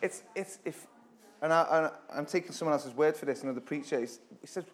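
A fairly high-voiced man leads a casual Bible teaching in a church. His talk is chatty and conversational, with sudden loud, emphatic bursts. When he reads scripture he slows down and gives it drama. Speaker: preacher.

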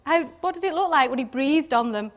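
A woman giving an informal devotional talk on scripture, chatty and quick to laugh, often ending points with little questions. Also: high voice, animated. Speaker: Bible teacher.

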